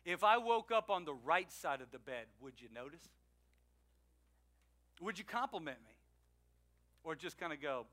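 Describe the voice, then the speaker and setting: A man preaching a sermon, swinging between loud emphatic lines and quiet asides, and acting out the people he quotes. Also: a little high, expressive, normal speed, pauses often. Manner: acts out quoted people in changed voices. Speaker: pastor.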